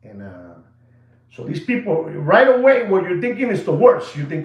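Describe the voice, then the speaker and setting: A man hosting a livestream, telling a story in a rambling, animated way with constant fillers. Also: high voice, normal speed. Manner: rambling, animated, full of "you know" fillers. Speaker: watch dealer channel host. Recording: echoey room.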